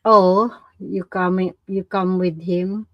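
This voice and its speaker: Filipina lady on a live stream, slow easy talk, dry close sound, quick little questions. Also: fairly low pitch, steady tone, no room sound, lo-fi sound. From Philippines. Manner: short reactive questions, loose informal phrasing. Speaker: livestream host. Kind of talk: casual live chat.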